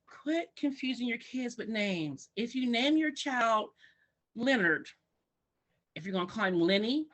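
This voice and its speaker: A woman who works in early childhood education, speaking as a guest on a talk show and acting out parents and children in exaggerated voices. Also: on the high side. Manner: animated, acts out parents and kids in exaggerated voices.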